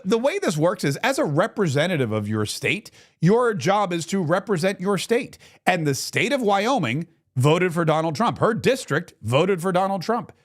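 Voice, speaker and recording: Animated talk show host, man. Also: high-pitched. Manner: animated, mocking, fumbles with clips on air.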